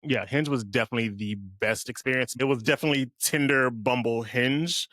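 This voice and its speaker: A young man with a deep voice, co-hosting a podcast in a laid-back, joking casual chat. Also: fairly quick, sharp tone, no echo, clean studio sound. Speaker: podcast co-host.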